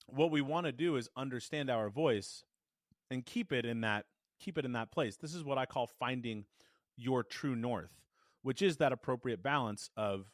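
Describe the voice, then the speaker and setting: A man's voice: mid-range voice, dry recording. A man teaching voice technique in a podcast lesson, demonstrating shifts between chest voice and head voice into a good studio microphone. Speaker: voice coach.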